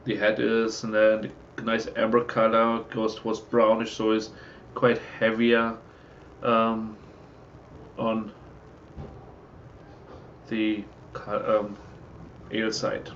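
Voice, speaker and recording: A man speaking hesitantly in casual chat about beer, halting with many restarts. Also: lowish voice, completely flat delivery, lo-fi sound, slight background noise.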